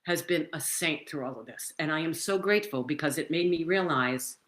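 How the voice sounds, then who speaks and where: Animated woman in her seventies. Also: low-pitched, fairly quick. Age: 70s. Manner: animated and emphatic, talks with her hands. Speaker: host sharing her personal story. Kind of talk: casual personal talk. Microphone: computer mic.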